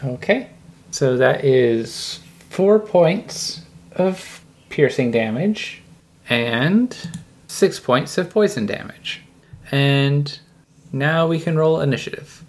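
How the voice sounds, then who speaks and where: A game master narrating a tabletop role-playing game in a calm, unhurried way. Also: medium pitch.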